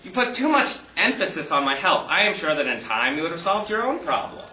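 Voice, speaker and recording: A man plays a clever, jaded analyst on an amateur stage, his fairly high, bright voice musing aloud in a mock-formal way. The echoey hall sound carries his lines. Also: very animated, brisk, far from the mic, slight background noise, heavily acted. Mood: polite. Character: bored clever male analyst, scheming and smug. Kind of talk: amateur stage play acting.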